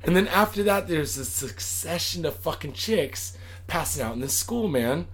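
A man co-hosting a loose, profane podcast. His voice sits high and swings widely as he reads a headline and then riffs on it. The talk is casual and crude, full of swearing. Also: expressive, moderate pace, fairly bright tone, slightly rough. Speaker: podcast co-host reading news.

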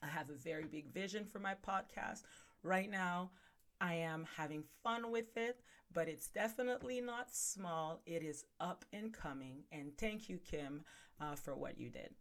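Woman, podcast host, casual chat, lower pitch, chatty, fillers. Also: unhurried, fairly bright tone. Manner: chatty, addresses viewers as guys, many fillers.

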